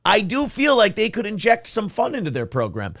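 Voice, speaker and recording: Male podcast host, high pitched, lively storyteller who acts out quotes; dry studio sound. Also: a little fast, vocal fry, no echo. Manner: animated storyteller, acts out quotes, swears freely. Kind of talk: casual chat.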